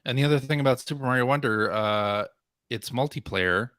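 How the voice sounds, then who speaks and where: A man's voice: mid-range voice, fairly quick, a bit bright, no room sound, studio quality. A man hosting a casual podcast, chatting loosely and running through the news with easy laughs. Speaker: podcast host. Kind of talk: casual chat.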